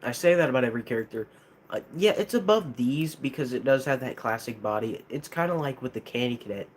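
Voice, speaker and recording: A man's voice: medium pitch, expressive, a little hiss or hum. Hesitant man with a lisp. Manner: hesitant, halting, many restarts. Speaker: streamer ranking plush toys. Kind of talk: casual live-stream chat.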